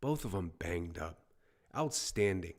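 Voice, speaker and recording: A man calls a fight live for his stream in a fairly low voice, loose and casual. He is excitable and chatty, repeating short exclamations and talking to viewers by name. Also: a little slow. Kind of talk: casual live play-by-play commentary.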